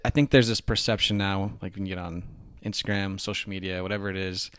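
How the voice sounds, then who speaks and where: A low-voiced man hosts a podcast, chatting in a relaxed, rambling way. His voice is smooth and clear, recorded close and dry. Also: fast, no echo. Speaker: podcast host. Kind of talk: casual podcast chat.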